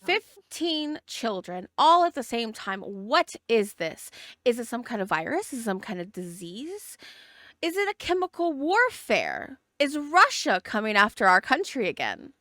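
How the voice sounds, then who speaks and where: A woman's voice: fairly high pitch, wildly swooping pitch, a little slow, sharp tone, dry recording, clean studio sound, exaggerated voice. A woman putting on a frantic TV news reporter. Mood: urgent. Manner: breathless newscaster delivery, rising alarm. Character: female TV news reporter, urgent and dramatic. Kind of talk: tabletop role-play.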